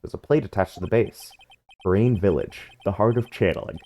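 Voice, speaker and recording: A man's voice: on the low side, normal speed, dark tone. A man reading game dialogue aloud in a dry, wry tone during a playthrough.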